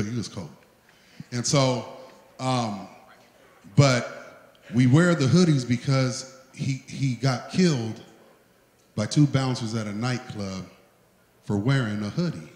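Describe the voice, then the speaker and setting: A man's voice: medium pitch, darkish tone. A man hosting an event gives an emotional tribute speech, talking in a heartfelt, plain-spoken way. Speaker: event host. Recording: echoey hall.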